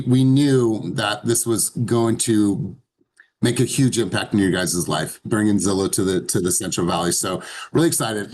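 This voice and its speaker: A man's voice: lowish voice, a little mellow. Hyped male sales coach on a call. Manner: hyped, calls on people by name. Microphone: video call.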